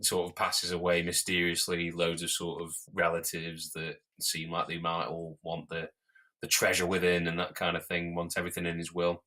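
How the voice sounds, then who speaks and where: A man's voice: sits low, completely flat delivery, normal speed, sharp tone. A man co-hosting a podcast, chatting casually and laughing often. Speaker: podcast co-host. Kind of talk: casual chat.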